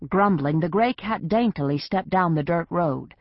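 A woman narrating an audiobook in a lowish, measured voice. The booth is dead dry and the sound is a little dull. She tells the story evenly and unhurriedly. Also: no room sound. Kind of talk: scripted narration.

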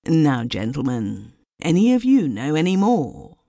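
A woman voicing a blustering, stout male commercial traveller with a husky voice. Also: low-pitched, big pitch swings, a little slow, dark tone, no echo, studio quality, exaggerated voice. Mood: hearty.

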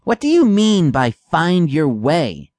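A woman voicing a ruthless male cat who threatens slowly and coldly in a storybook. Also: low-pitched, huge pitch swings, warm tone, dry recording, voice pushed up, full character voice. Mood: suspicious. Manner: slow, threatening.

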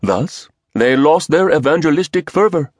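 A man's voice: a little high, animated, normal speed, dry recording, studio quality, pitched above the performer's own voice. A man voicing a smug male conspirator with an Indian accent, speaking in a lilting way.

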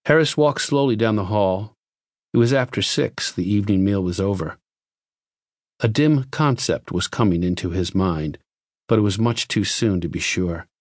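A man narrating a science fiction story in a measured, expressive reading. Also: fairly low pitch, no echo, clean studio sound. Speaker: audiobook narrator. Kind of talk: scripted narration.

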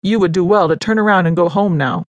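A woman reading the part of a calm, gentle young man, speaking to his mother in a soft, measured way. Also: lowish voice, no room sound, lightly acted.

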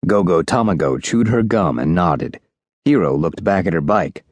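A male audiobook narrator reads a scripted children's story at normal speed with lively, animated delivery. His lowish voice moves a lot, and the recording is close and dry.

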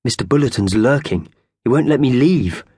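A man's voice: mid-range voice, expressive, normal speed, mellow, slightly rough, no echo, clean studio sound, pitched above the performer's own voice. A man voicing a meek, worried grown man in a children's audiobook, speaking in a hesitant, anxious and apologetic way. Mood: flustered.

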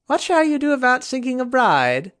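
A man's voice: very high voice, big pitch swings, moderate pace, fairly bright tone, dry recording, clean studio sound, voice pushed up, heavily acted. A man narrating an audiobook, voicing a brash, teasing male knight with a mocking, bantering manner.

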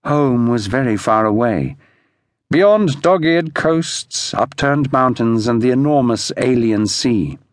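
This is a man reading an audiobook aloud, paced and expressive like a storyteller. His pitch is medium, there's no echo, and the sound is clean and studio-grade.

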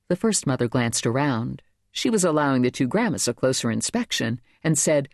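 A woman narrates a contemporary novel in a lively, rising-and-falling voice. She reads with a close mic in a dry, dead studio, shifting her pitch for the characters' lines. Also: brisk, no room sound. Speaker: audiobook narrator. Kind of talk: scripted narration.

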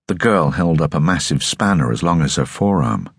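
A man narrating an audiobook in a measured, expressive storytelling manner, recorded on a studio microphone. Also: rumbling low, breathy edge, no room sound. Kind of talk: scripted narration.

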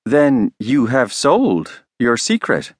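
Storybook reporter, brisk and plain, as a man reads him, measured delivery. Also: mid-range voice, huge pitch swings, no echo, clean studio sound, heavily acted. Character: plain-spoken male newspaper correspondent.

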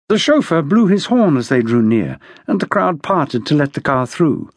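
A man reading an unabridged mystery novel as audiobook narrator in a measured, expressive manner. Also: on the high side, breathy edge, dry recording, clean studio sound. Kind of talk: scripted narration.

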